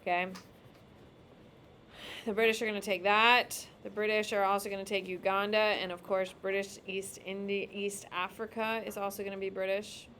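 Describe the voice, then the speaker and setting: A woman's voice: medium pitch, level tone, normal speed, a bit bright, slight background noise. A woman teacher giving a casual, emphatic classroom lecture while drawing on a map.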